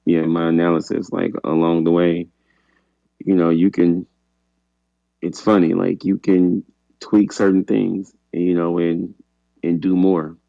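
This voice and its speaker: A man with a very low, gravelly voice muses on a casual podcast chat. His tone is dark and mellow, and he often stops to say "you know". The sound is dry and a little dull. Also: a little slow, long pauses, no echo. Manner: relaxed, musing delivery with frequent "you know". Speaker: podcast co-host.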